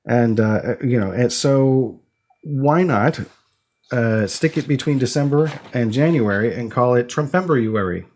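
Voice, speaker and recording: Rambling husky-voiced male podcast host. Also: mid-range voice, a little slow, a little mellow. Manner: rambling, working through ideas aloud with many restarts. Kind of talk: casual chat.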